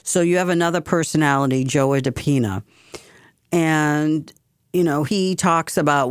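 Blunt low-voiced woman. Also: moderate pace, clear, resonant tone, dry recording, clean studio sound. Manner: blunt, opinionated, with frequent fillers. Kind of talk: casual political commentary.

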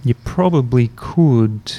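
A man hosting a podcast, chatting in a relaxed, rambling, self-mocking way while drinking beer. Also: mid-range voice, slow pace. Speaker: podcast host. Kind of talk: casual chat. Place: university room, drinking beer.

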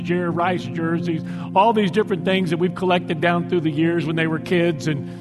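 High-voiced male pastor preaching. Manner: dramatic, slowing for emphasis. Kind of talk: sermon. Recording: long hall reverb with music.

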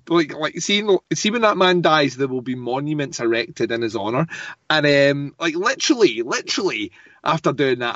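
Animated, swearing man ranting. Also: medium pitch, no room sound, highs cut off. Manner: profane, ranting, laughs often. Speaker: podcast co-host. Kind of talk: casual podcast chat.

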